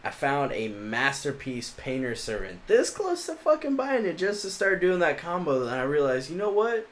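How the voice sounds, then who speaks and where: Laid-back, wry, lively podcast co-host. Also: male voice, on the high side, moderate pace. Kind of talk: casual profane chat.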